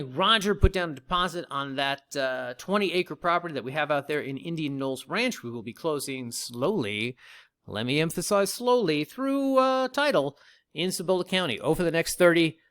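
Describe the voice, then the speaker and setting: A man's voice: fairly high pitch, a bit bright. A man hosting a casual land-sales video, talking straight to viewers with a wry, joking manner. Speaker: land company host.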